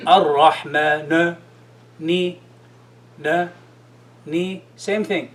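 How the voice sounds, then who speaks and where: A man teaching a class on reciting the Quran, drilling pronunciation slowly, repeating syllables, and chanting the Arabic verses in a sung tone. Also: high voice.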